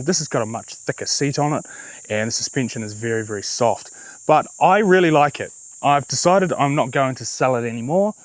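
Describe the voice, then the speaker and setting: A man with a New Zealand accent giving a relaxed, chatty review of a small motorbike, with fillers and self-corrections. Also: mid-range voice, dry recording, poor audio. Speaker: vlogger. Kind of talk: casual vehicle review.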